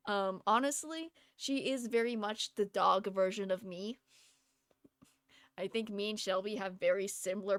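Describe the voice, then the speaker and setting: A woman's voice: mid-range voice, no echo, clean studio sound. A young woman streaming a game from home, chatting in a rambling way and laughing often. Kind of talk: casual chat while gaming.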